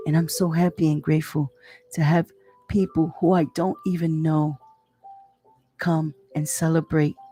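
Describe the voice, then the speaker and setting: Soft-spoken low-voiced woman podcast host. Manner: speaks softly, hushed, to avoid waking children; effusive, greets listeners by name. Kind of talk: casual motivational talk. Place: home, with children asleep in the next room.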